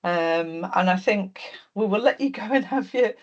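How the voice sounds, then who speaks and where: A woman hosting and chairing a question session on a video call, chatty and quick to laugh. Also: medium pitch, animated, lo-fi sound. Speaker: event host.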